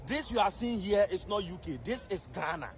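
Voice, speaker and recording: A man's voice: high-pitched, expressive, brisk, a little hiss or hum. A man addressing viewers outdoors, insistent and repeating his point. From Nigeria. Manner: insistent, repetitive.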